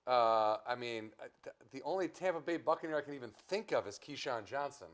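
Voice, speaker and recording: A man's voice: medium pitch, animated. A man bantering on a comedic sports talk show, cracking jokes and laughing often. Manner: wisecracking, quick to laugh.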